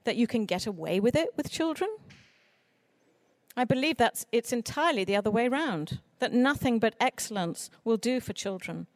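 A woman who writes children's books, giving an earnest, expressive talk on writing for children. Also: a little high, normal speed, no echo, clean studio sound. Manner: earnest, expressive speaker with mock voices for quoted people. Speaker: children's author. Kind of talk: conference talk.

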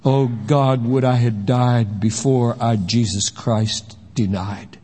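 A man narrating a story in rhyming verse, slow, deliberate and solemn. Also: mid-range voice, steady tone, darkish tone, husky. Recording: long hall reverb.

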